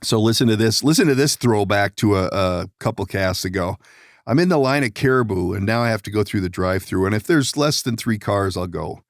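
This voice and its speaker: A man hosting a podcast, telling rambling stories in casual chat, laughing often and swearing, with sudden hushed and excited turns. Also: fairly low pitch, brisk, dry recording, clean studio sound. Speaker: podcast host.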